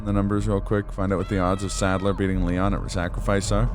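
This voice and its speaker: A man's voice: low voice, little pitch movement, fairly quick, few pauses, music in the background. A man casually commenting as he streams a game, chatty, rambling and self-deprecating.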